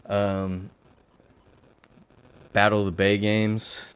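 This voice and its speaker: A man's voice: lowish voice, little pitch movement, drawn-out words, clean tone. A man hosting a livestream, chatting casually and telling a story, acting out the exchanges he quotes. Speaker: livestream host. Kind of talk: casual storytelling to a live chat.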